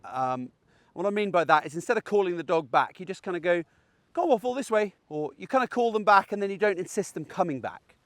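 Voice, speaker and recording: A man's voice: sits high, animated, quick pace, a bit bright, dry recording. A middle-aged man, a dog trainer, explaining recall training in a chatty, conversational way while out on a walk. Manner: chatty and explanatory, checks in with "okay?". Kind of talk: outdoor training tutorial. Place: outdoors in a field on a dog walk.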